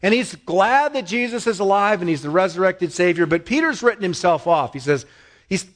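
A man with a somewhat high voice delivers a sermon like a conversation with his congregation. He asks them questions and gets lively when he retells a story. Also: a little fast. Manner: conversational preaching with rhetorical questions. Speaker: pastor.

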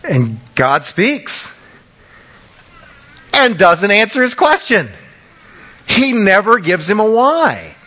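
Animated, bright-voiced preacher in his fifties. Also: high-pitched, slow, pauses often. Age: 50s. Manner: animated storytelling, acting out quotes. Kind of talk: sermon.

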